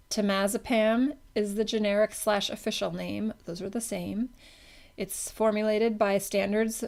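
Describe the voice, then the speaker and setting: A woman's voice: medium pitch, gravelly. A woman teaching a pharmacology class in a casual, conversational way, often correcting herself mid-sentence. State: has the hiccups. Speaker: pharmacology instructor. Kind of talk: classroom lecture.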